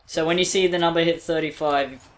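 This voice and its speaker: A young man in a casual let's-play, joking and shouting with friends over a sports game. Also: fairly high pitch, fairly quick, noisy background. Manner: excitable, joking, loud exclamations. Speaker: gamer. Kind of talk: casual gaming banter.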